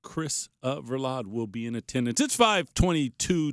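A man's voice: medium pitch, very animated, fairly bright tone, no room sound, clean studio sound. A man co-hosting a sports radio show, bantering and reading promos. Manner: joking banter, quick interjections. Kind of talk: casual radio chat and live reads. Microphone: studio microphone.

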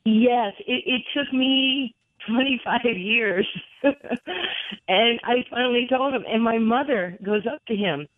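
60s woman from new york telling lively stories over the phone, tinny phone sound, dry. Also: a little high, slow pace, no room sound. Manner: animated, laughing storyteller. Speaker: guest, former basketball player. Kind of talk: storytelling interview over the phone. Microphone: telephone.

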